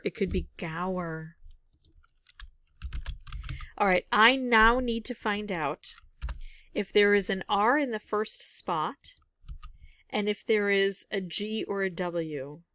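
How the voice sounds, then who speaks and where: A woman's voice: medium pitch, extremely slow, long pauses, a bit bright, no room sound, studio quality. A woman thinking aloud as she works through a word game, musing over guesses in casual commentary. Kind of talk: casual solo gameplay commentary.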